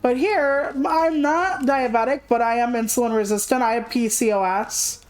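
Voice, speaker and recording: Streaming a game, a young woman keeps up loose, frank chatter full of tangents and swearing. She talks at a normal speed in a higher voice, and the low-quality recording picks up faint game music.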